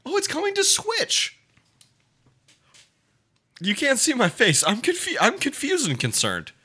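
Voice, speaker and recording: Laughing bright-voiced young man. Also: very high voice, huge pitch swings, a little slow. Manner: joking, laughs often, slips into silly voices. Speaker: podcast co-host. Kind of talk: casual gaming podcast chat.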